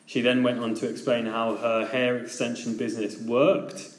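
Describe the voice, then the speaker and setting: A man delivers a sermon as a relaxed, conversational story. His voice sits at an ordinary middle pitch for a man. The sound carries a roomy echo from the church around him. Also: normal speed. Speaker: preacher.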